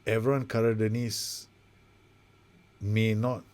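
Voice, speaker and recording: Low-voiced man calling a management game. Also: little pitch movement, slow, darkish tone, clear, resonant tone. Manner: rambling, self-mocking, narrates passes play by play. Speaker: gaming video host. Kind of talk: casual live commentary over a football management game.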